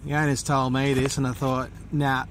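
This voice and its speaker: A man's voice: medium pitch, completely flat delivery, a little fast, a little hiss or hum. A man with an Australian accent hosting his drain-cleaning vlog, talking to camera in a blunt, matey way and swearing casually. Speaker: drain cleaner and channel host.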